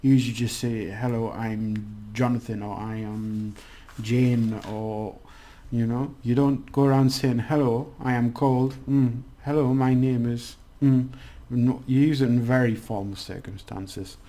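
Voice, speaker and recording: A man's voice: medium pitch, fairly even intonation, a little slow, few pauses, mellow. A man giving a casual language lesson, chatty and rambling with many restarts. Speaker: language teacher.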